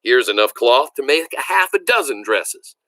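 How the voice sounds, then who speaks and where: A man reading aloud, voicing a booming, kind rural father in a novel. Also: very animated, moderate pace, bright, forceful tone, dry recording. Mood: hearty. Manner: booming, hearty.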